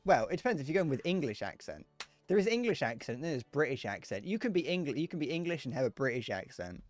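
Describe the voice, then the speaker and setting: Gaming on a livestream, a young man from Northern Ireland rambles to his viewers and cracks himself up. He speaks quickly in a fairly high voice that swings widely in pitch, with faint music in the background.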